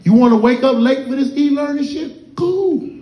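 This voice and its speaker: A middle-aged male comedian with a very high voice, swearing his way through stories in loud, animated bursts. His voice echoes around a roomy club lounge over a stage mic. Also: moderate pace, lo-fi sound, noisy background. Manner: loud, profane, animated storytelling. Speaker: stand-up comedian. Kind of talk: stand-up comedy set.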